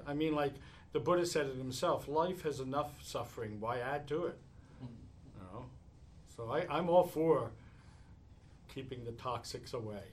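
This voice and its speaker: A man teaching meditation in a live talk, telling stories in an animated way and chuckling often while answering questions. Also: mid-range voice, a little hiss or hum.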